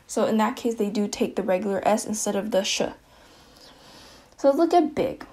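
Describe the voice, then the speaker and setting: A woman giving a casual slideshow lesson, saying each example word twice, with fillers and quick self-corrections. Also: mid-range voice, warm tone. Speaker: presenter explaining languages.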